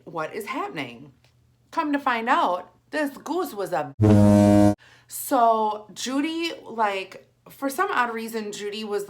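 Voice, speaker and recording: A woman, telling a story in a chatty, animated vlog style. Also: medium pitch. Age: 40s. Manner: animated, chatty, heavy use of "like". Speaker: vlogger. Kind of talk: casual storytelling while eating.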